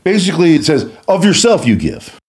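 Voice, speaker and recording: Lively man teaching the Bible casually. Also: a little high, fairly quick, husky. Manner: animated, colloquial, acts out quotes. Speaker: guest speaker.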